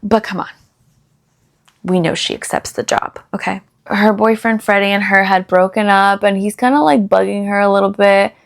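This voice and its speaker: A woman's voice: mid-range voice, creaky. Chatty young woman gossiping about a book. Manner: gossipy, animated retelling with fillers and quoted asides. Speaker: book review vlogger. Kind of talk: casual chatty book review.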